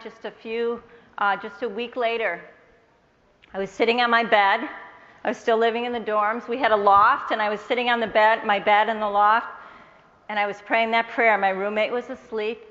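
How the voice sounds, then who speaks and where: A woman telling a personal faith testimony to an audience, earnest and measured, quoting the people in her story. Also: fairly high pitch, a bit bright, in a large hall, highs cut off. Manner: earnest, measured storyteller who quotes others in her tale.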